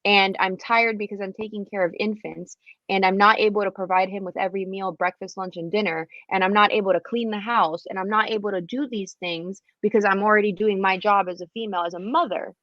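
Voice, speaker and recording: A woman's voice: mid-range voice, fairly even intonation, fairly quick. A blunt, emphatic woman in a casual podcast talk. The recording sounds dull and a bit lo-fi. It is dry, with no room echo. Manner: blunt, emphatic, speaks from a woman's point of view.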